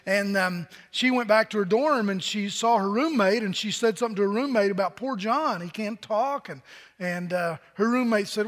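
Male pastor, 60s, high voice, chatty storytelling sermon, long church-hall reverb. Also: moderate pace, fairly bright tone. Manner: storytelling, conversational, with fillers and asides.

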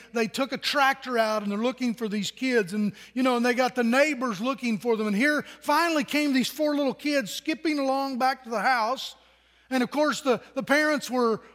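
A middle-aged male pastor with a notably high voice preaches in a conversational, storytelling way. He often turns to the congregation with questions. His words ring out with the long reverb of a church hall. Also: a bit bright. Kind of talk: sermon. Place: church sanctuary.

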